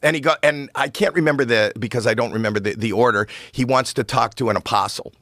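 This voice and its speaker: A comedian guest, a man telling a stage story in an animated, halting way with many restarts. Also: medium pitch, no echo. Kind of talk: storytelling in a podcast chat.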